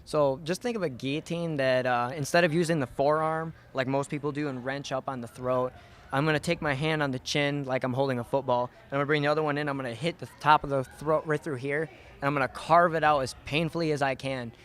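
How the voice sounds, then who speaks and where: Young fighter explaining plainly. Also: male voice, on the high side, fairly even intonation, fairly quick, a bit bright, slight background noise. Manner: plain, matter-of-fact explaining. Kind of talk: post-fight interview.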